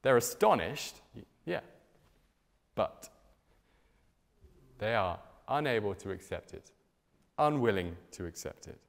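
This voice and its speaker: A man preaching a sermon in a church, telling stories with big swings in pitch and loudness. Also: unhurried, creaky, pauses often. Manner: animated storytelling with strong swings in pitch and loudness. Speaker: pastor. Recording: reverberant church hall.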